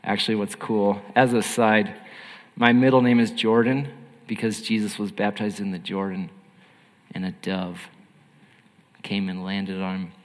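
A man preaching a sermon in an earnest, emphatic way, swinging between loud and hushed. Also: lowish voice, level tone, measured pace, pauses often, big-room sound.

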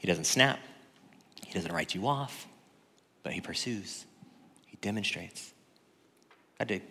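A man preaching as a pastor, conversational and joking, swinging from loud to hushed. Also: lowish voice. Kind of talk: sermon. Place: church sanctuary. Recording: long reverb in a church hall.

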